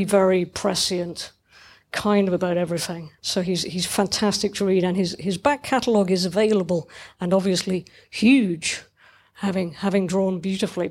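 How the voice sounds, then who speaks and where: A middle-aged woman chatting casually and enthusiastically about cartoons, rambling with many restarts. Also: medium pitch.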